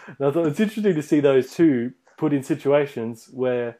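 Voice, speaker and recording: A man's voice: mid-range voice, moderate pace, dark tone. A man, co-hosting a podcast, talking about films in a rambling way with lots of fillers and laughs. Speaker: podcast co-host. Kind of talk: casual movie chat.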